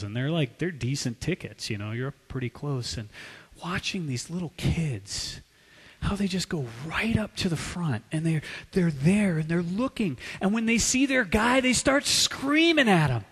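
A man preaching a sermon, swinging from loud, urgent passages to hushed, quiet asides. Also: mid-range voice, husky, in a large hall. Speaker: pastor.

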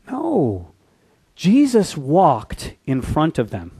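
A male pastor preaching with a high voice that swoops up and down. He turns to the congregation with quick questions and briefly acts out characters from the story. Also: slightly rough. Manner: animated, acts out biblical characters in quick asides; conversational, asks the congregation questions. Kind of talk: sermon.

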